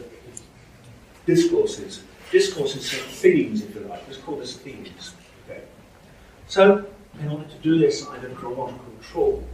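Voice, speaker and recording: A middle-aged man delivers a university linguistics lecture in a lecture hall, hesitating often with lots of ums and restarts. His voice sits at medium pitch. Picked up by a distant room mic, the sound is echoey and far off, with slight background noise.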